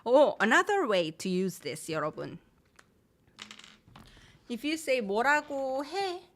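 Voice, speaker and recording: A woman's voice: on the high side, big pitch swings, normal speed, fairly bright tone, a little hiss or hum. A woman teaching phrases in a live stream, mixing English explanations with examples and reading out viewer names. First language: Korean. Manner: mixes English and Korean, repeats example phrases; reads viewer names and comments aloud. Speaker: Korean language teacher. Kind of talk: live-streamed language lesson.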